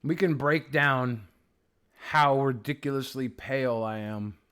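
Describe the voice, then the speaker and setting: A livestream host chats casually with his viewers and reads their comments, his medium-pitched voice slow, a bit bright, and clean. His talk is rambling, profane, and sarcastic.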